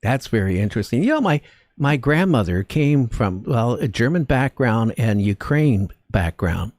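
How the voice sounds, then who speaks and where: Male talk radio host, animated pitch, dry close sound, stumbling questions. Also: no room sound. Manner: halting questions with repeated words. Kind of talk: radio interview.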